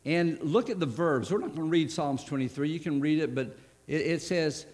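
A man's voice: fairly high pitch, moderate pace, darkish tone. Conversational male preacher. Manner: conversational, with frequent restarts and asides. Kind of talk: sermon. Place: church.

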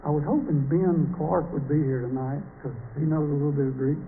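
Man, church class teacher, joking and chatty, slightly high voice, tinny phone-like line, faint hiss. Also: fairly even intonation, fairly quick. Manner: joking, chatty, quizzes the audience.

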